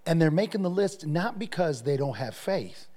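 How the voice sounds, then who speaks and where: A man's voice: on the high side, sing-song, moderate pace, darkish tone. A male pastor preaching a sermon, telling stories with energy and often repeating his phrases.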